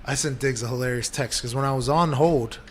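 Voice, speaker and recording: A male podcast host chatting casually and acting out stories with lively quoted voices. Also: mid-range voice, a little fast, a little hiss or hum. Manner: animated storyteller, acts out quoted calls. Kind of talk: casual chat. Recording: live audience crowd behind.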